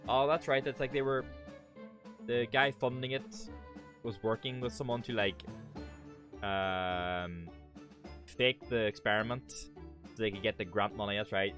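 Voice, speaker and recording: A man's voice: on the low side, fairly even intonation, unhurried, long pauses, fairly bright tone, faint music behind. A man with an Irish accent streaming a game, chatting with viewers in a rambling way and swearing now and then. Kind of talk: casual gameplay commentary.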